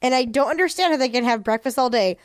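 High-voiced woman podcast co-host. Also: quick pace, smooth, dry recording, studio quality. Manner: animated storyteller, acts out voices of people in her stories. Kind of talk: casual chat.

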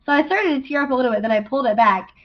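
Young woman, podcast co-host, rambling storyteller, a bit high, dull lo-fi recording. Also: animated, very fast. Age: young adult. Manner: rambling storyteller, laughing often, with many restarts. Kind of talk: casual chat. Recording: dull lo-fi sound.

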